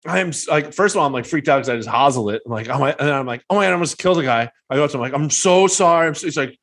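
A man in casual conversation, telling animated stories and acting out what people said. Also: fairly high pitch, racing. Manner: animated storyteller, acts out quoted voices. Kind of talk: casual chat about golf.

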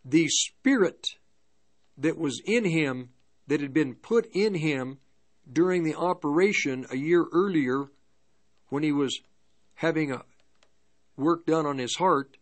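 Male, slightly raised pitch, rambling halting testimony, drifts between first and third person. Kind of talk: spoken testimony storytelling.

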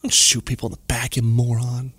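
A man's voice: mid-range voice, monotone, brisk, fairly bright tone, slightly rough, dry recording, clean studio sound. A man hosting a comedy news segment on the radio, joking and making sarcastic asides. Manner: jokey, playful, sarcastic asides. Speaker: radio show host.

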